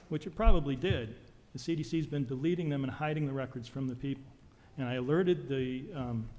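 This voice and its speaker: A man's voice: mid-range voice, dark tone. A man testifying at a legislative hearing, intense and accusatory, firing off medical jargon. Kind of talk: public testimony. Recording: long hall reverb.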